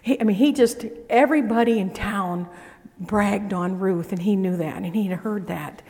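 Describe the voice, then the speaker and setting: A middle-aged woman preaches in a reverberant hall. Her storytelling is folksy and conversational, full of restarts. Her voice sits at a middling pitch. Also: normal speed, dark tone. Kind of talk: sermon.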